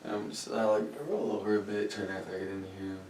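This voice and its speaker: Low-voiced man rambling through a story. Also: very fast, a little hiss or hum. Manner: rambling, heavy swearing, animated when retelling. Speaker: podcast host telling a story. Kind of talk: casual storytelling chat. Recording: roomy sound, distant from mic.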